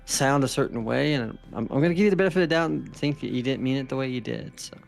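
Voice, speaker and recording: A man's voice: medium pitch, fast talker, creaky, faint music behind. A man talking as a stream guest, hesitant and stumbling over his words.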